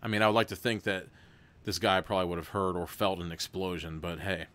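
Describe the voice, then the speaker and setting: A man's voice: low voice, fairly even intonation, brisk, fairly bright tone. A man hosting a live stream, narrating a gamebook and breaking off into rambling, chatty asides with frequent restarts.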